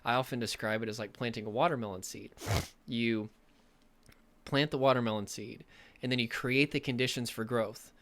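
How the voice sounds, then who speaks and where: Brief: male recovery coach, motivational talk to camera, earnest and emphatic, mid-pitched voice. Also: fairly even intonation, normal speed, a bit bright.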